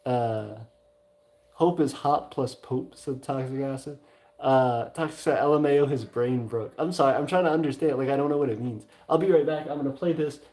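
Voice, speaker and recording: This livestream host, speaking in a mellow Southern US drawl, casually reads his chat messages out loud. His mid-range voice moves at a moderate pace, stumbling over frequent "uh" fillers and reacting with mild exclamations.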